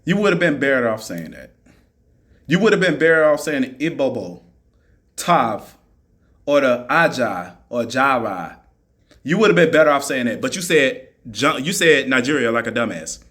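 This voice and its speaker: On a live stream, a man rants argumentatively, mocking his listeners and hurling the same rhetorical questions at them over and over. His medium-pitched voice is very animated, brisk, and slightly bright.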